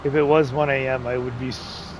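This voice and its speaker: A man's voice: mid-range voice, little pitch movement, a little fast, background noise. A man hosting a live farming-game stream, chatting casually with viewers and joking with his in-game workers. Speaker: livestream host. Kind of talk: casual live gameplay chat.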